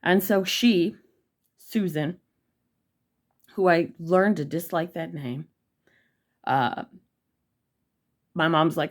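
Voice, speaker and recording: A woman's voice: lowish voice, animated, slow pace, pauses often. Blunt, profane woman ranting. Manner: blunt, profane and heated, addressing viewers directly. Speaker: vlogger. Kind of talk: angry storytime rant.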